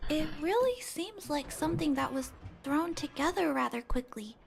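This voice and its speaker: A gentle, earnest young girl. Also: sits high, expressive, moderate pace, creaky, slight background noise. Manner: soft, earnest, thoughtful explaining. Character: kind young girl, gentle robot fixer.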